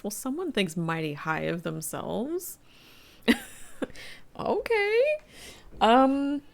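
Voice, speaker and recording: A woman's voice: a little high, wildly swooping pitch, drawn-out words, creaky, long pauses. A middle-aged woman streaming a game, chatting casually, thinking aloud and reading quest text. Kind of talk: casual live-stream commentary.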